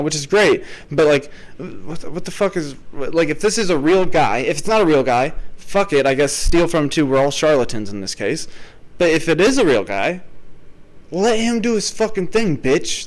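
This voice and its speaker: A young man hosting a podcast, ranting profanely in a comedic way, with loud swearing outbursts that drop into muttered asides. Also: a little high, rough recording. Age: young adult. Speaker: podcast host.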